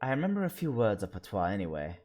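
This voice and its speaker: A man with a fairly low voice reads a story game's dialogue aloud during a stream. He voices several characters in turn and slows down to sound out invented words. Faint music plays behind him. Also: wildly swooping pitch, darkish tone.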